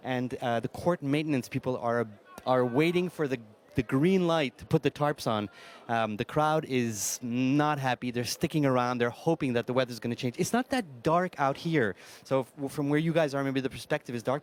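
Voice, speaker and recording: Man reporting live from courtside. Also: medium pitch. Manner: descriptive, loosely worded scene-setting. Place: outdoor tennis court.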